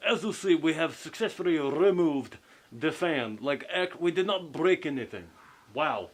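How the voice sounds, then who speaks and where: A man assisting in a mock surgery, narrating each step in a deadpan, mock-official way. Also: on the high side, moderate pace. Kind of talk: casual joking home video.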